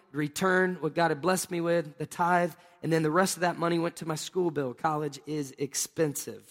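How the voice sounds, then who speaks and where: A man preaching a sermon with a notably high voice, full of lively, playful storytelling. He acts out scenes with exclamations as he talks. His words ring out with the long reverb of a large hall. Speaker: pastor. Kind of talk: sermon with humorous personal storytelling.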